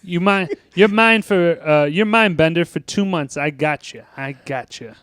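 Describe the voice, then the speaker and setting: A man reading out the lines of a gruff, threatening middle-aged male school principal in a taunting, bullying manner. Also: a little high, a little slow, fairly bright tone, dry recording, studio quality.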